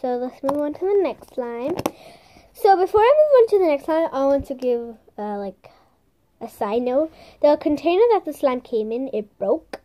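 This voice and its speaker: With lively intonation and a moderate pace, a young woman vlogger in a high, bright voice chats through her squishies and slime. Her show-and-tell is bubbly and playful, mixing in soft ASMR whispers and silly sound effects.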